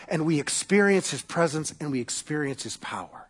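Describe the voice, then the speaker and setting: A man preaching a sermon as pastor, swinging from loud emphatic peaks to quiet asides, with frequent restarts. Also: a little high, lively intonation, moderate pace, hardly any pauses, husky. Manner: retells stories with quoted voices, self-correcting restarts.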